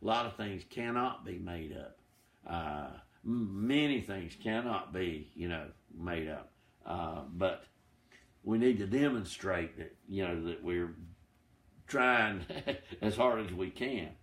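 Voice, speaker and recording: Slow, easygoing man teaching the Bible. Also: deep voice, lively intonation, fairly bright tone, echoey room. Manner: unhurried, chatty, many fillers and restarts, quotes scripture. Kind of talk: informal Bible study teaching.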